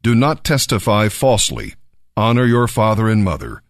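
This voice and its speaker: This is Jesus as a calm, authoritative teacher in a Bible reading, voiced by a man. The voice is low-pitched, measured and earnest. The sound is dry and close. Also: no echo. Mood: solemn.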